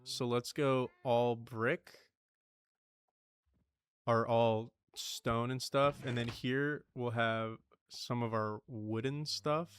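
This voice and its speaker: A man's voice: medium pitch, smooth, dry recording. A man giving casual let's-play commentary, chatty and swearing, talking to the items he sorts. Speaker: gaming streamer.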